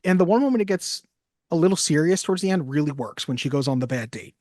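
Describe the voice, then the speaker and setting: A man's voice: a little high, expressive, quick pace, darkish tone, no room sound, studio quality. A man co-hosting a film podcast, chatting casually with a wry, joking manner. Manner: wry, jokey, quotes lines in little voices. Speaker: podcast co-host. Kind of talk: casual chat.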